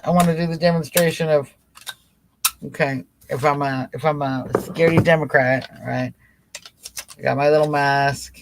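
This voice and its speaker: A man's voice: on the high side, a little hiss or hum, low-quality recording. A man hosting a live political talk stream, mocking and acting out scenes as he talks.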